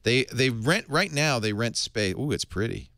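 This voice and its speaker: Wry, animated male podcast host. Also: medium pitch, normal speed, no echo, studio quality. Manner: wry, animated, slips into comic voices. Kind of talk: casual tech news chat.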